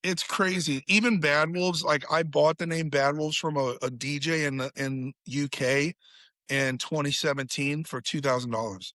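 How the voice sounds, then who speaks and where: A man's voice: fairly high pitch, steady tone, normal speed, bright, forceful tone, no echo. A man, a podcast guest, telling a story in casual chat, swearing freely and acting out quotes in a raised voice.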